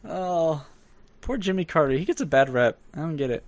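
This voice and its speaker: A man's voice: a little high, expressive, normal speed, no room sound. Chatty young man with dry close sound. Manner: chatty, rambling, laughs often. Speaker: podcast co-host. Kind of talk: casual podcast chat.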